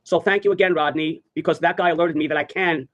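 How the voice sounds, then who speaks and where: A man's voice: fairly high pitch, fairly even intonation, fast talker, fairly bright tone, dull audio. A man telling a story on a livestream, rambling and profane, repeating his phrases over and over. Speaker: live streamer.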